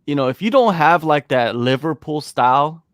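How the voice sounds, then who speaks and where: A man's voice: fairly high pitch, normal speed, no room sound, studio quality. Emphatic male sports talk host. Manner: emphatic, animated, peppers talk with "man". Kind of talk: casual sports talk chat.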